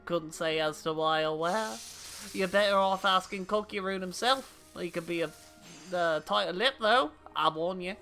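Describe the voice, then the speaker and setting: A woman voicing a rough, gruff man from a harbor town with an effortful put-on seafaring accent. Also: lowish voice, moderate pace, a bit bright, faint music behind.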